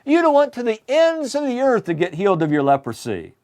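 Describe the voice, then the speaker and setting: A man delivering a sermon in a high voice that swoops up and down with a lot of energy. He tells the scripture story emphatically and keeps doubling back on his words as he builds each point. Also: wildly swooping pitch, brisk, darkish tone. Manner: emphatic storytelling, often restarting phrases. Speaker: preacher. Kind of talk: sermon lesson.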